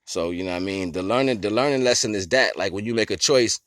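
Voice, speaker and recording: A man's voice: on the low side, fast talker, a bit bright, no room sound, clean studio sound. A man in a casual, rambling monologue who chuckles often and explains his ideas with simple everyday comparisons. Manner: laid-back and rambling, with frequent chuckles and constant "you know what I'm saying". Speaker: vlogger sharing life philosophy.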